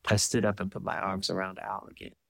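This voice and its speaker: Low, measured male audiobook narrator. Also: flat delivery, gravelly, fairly bright tone, no room sound. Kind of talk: first-person audiobook narration.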